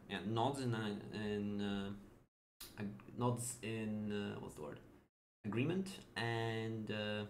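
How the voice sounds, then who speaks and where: A man narrating as dungeon master of a tabletop game, halting and searching for words. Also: fairly low pitch, bright, forceful tone, slight background noise.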